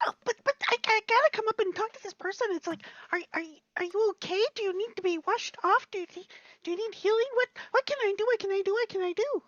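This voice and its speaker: Very high, fast-talking eager woman. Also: fairly bright tone, no room sound, muffled recording. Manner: eager, rushed, repeating herself. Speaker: player. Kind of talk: in-character tabletop role-play.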